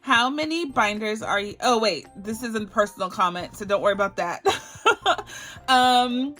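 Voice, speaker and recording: Bubbly, gushing woman with a high voice. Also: lively intonation, moderate pace, pushed and bright, faint music behind. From Barbados. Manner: bubbly, effusive, gushing thanks. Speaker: budgeting channel host. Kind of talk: casual unboxing vlog.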